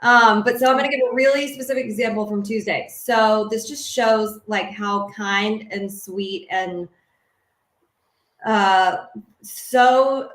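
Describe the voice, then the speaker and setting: A woman's voice: mid-range voice, steady tone, takes it slowly, fairly bright tone, echoey room. A young woman co-hosting a podcast who played the game herself, telling stories and explaining earnestly in casual chat. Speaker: podcast co-host, former player.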